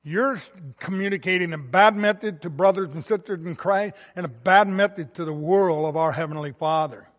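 A man preaching a sermon, reading scripture and stressing words with rising passion, swinging between soft and loud. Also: sits high. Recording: long reverb of a hall.

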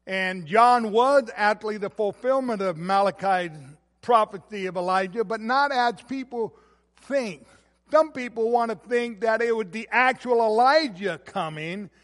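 High-voiced preacher in a reverberant hall. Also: male voice. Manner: emphatic, builds to loud stresses then drops low. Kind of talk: expository sermon.

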